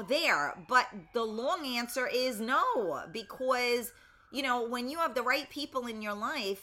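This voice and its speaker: Blunt, bright-voiced woman host. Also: fairly high pitch. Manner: blunt, swears freely, frequent throat clearing. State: losing her voice. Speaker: show host. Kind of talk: casual talk show chat.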